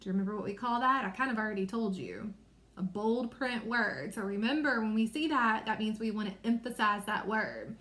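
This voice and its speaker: A woman teacher giving a recorded reading lesson to young children, explaining patiently and clearly. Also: medium pitch, lively intonation, brisk, fairly bright tone.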